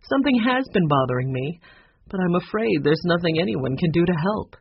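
A narrator voicing a kindly older housekeeper, gentle and worried, with a soft, fretful way of talking. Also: medium pitch, expressive, a little fast, creaky, slightly rough. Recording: dull lo-fi recording.

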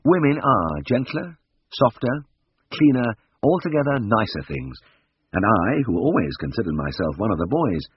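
A low, husky male voice reads a memoir, wry and lively, rising and falling through the story. The recording is dry and dull, with a lo-fi sound. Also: moderate pace, no echo. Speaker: narrator. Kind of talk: audiobook reading of a memoir.

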